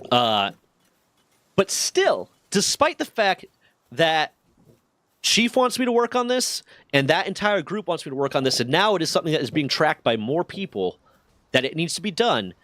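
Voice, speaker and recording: A man's voice: a little high, normal speed, no room sound. A man streaming, telling a workplace story in a casual, profane way and acting out the dialogue. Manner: profane, animated retelling with quoted dialogue.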